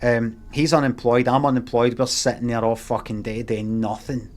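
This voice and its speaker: A man's voice: mid-range voice, level tone, moderate pace. A Scottish man on a live stream telling a rambling, heavily sweary anecdote in a casual way.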